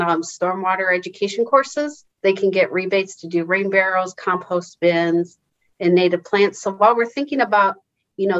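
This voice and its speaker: A woman working for a conservation district, explaining programs as an interview guest in a relaxed, friendly way. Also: mid-range voice. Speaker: soil and water conservation district staff. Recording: dull lo-fi sound.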